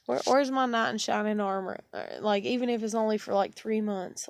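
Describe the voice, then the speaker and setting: A woman's voice: on the high side, unhurried, vocal fry, no echo. A woman in her thirties, a stressed and exhausted single parent, venting in a casual, profane monologue at home with heavy sighs. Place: indoors at home.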